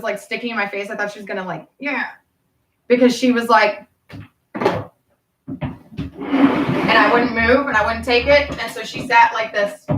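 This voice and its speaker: A woman's voice: fairly high pitch, background noise. A woman from Kentucky, telling rambling stories in a courtroom, full of profanity and self-interruptions. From Appalachian Kentucky. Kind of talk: rambling storytelling. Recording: roomy, from far off.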